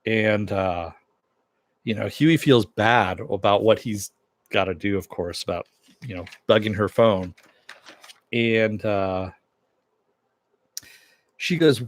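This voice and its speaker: A man with a low voice talks through an episode recap in a loose, rambling way. He keeps acting out the characters' lines in quotes and swears freely. The sound is dry and close, with no room behind him. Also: takes it slowly, long pauses, no room sound. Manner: rambling, recounts scenes with quoted dialogue and swearing. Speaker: TV episode reviewer. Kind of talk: casual recap monologue.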